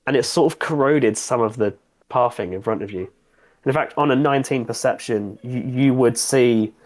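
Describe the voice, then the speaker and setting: A man's voice: mid-range voice, darkish tone. A man running a tabletop game as game master, narrating in a loose, rambling way with restarts and fillers.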